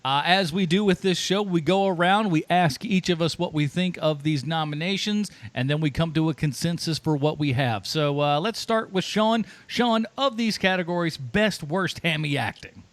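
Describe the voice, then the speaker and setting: A man's voice: on the high side, moderate pace, hardly any pauses, no room sound. A man hosting a casual movie podcast, reading out award categories playfully. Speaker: podcast host.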